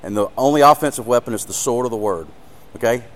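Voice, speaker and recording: A male ministry speaker gives an earnest sermon that includes a live demonstration, addressing his audience directly and becoming emotional. He talks fast in a mid-range voice.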